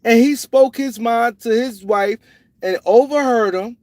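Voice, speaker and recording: A man's voice: very high-pitched, a little slow, dry recording. A middle-aged man, hosting a casual livestream, telling stories with lots of repeats and restarts. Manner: animated storytelling with repetitions and restarts. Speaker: host.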